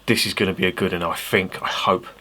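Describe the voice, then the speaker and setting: A man's voice: sits low, steady tone, fast, bright, forceful tone, slightly rough. An English man reviewing a beer on camera in a casual, rambling way, swearing freely and making self-mocking asides. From England.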